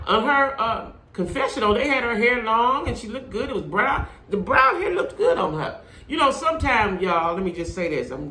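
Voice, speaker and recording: Blunt, animated woman recapping reality TV. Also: deep voice. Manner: animated, blunt, swears freely. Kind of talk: casual TV recap commentary. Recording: echoey room with faint noise.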